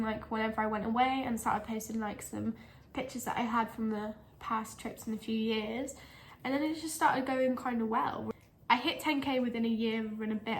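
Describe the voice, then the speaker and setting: A woman's voice: fairly high pitch, slight background noise. Chatty young woman vlogging from her kitchen. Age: young adult. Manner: chatty, rambling, giggly asides. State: a bit out of breath. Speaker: lifestyle blogger. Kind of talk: casual chatty vlog. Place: home kitchen, indoors.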